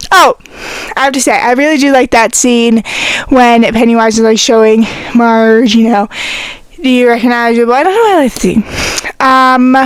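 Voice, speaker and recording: A woman's voice: high-pitched, no room sound. Chatty teenage girl, rambling podcast host. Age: teens. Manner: rambling, filler-heavy, talks to her cat. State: short of breath. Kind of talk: casual chat.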